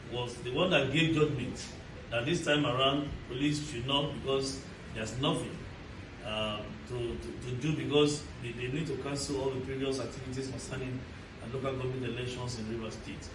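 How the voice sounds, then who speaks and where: A man gives a formal police statement, measured and a little halting. He sounds set back from the microphone in a roomy space. Steady background noise runs under his voice. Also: mid-range voice. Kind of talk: official statement to press. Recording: roomy distant news clip, noisy.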